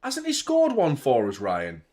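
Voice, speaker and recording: A young man hosting a live football watchalong, chatting casually with viewers and shouting out at big moments. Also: mid-range voice, measured pace. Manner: laid-back chat that jumps to loud excited reactions. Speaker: watchalong host.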